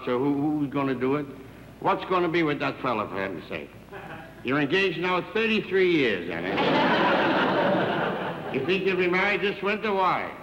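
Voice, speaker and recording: An older comedian doing a stand-up telephone monologue with dry wisecracks and one-sided phone chatter on a large theater stage. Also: male voice, on the high side. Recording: echoey theater, dull 1960s TV sound with hiss.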